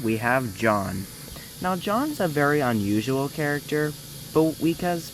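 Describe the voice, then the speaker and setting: A man's voice: mid-range voice, a little hiss or hum, rough recording. A young man hosting a casting call, talking casually in a rambling, hesitant way with many restarts. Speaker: video host running a casting call.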